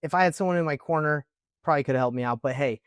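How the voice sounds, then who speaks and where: A man's voice: a little high, rapid-fire, clear, resonant tone, no echo, clean studio sound. A man, a real estate investor, casually telling a story to camera and acting out the dialogue with lots of "like". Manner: lively retelling with quoted dialogue, frequent "like".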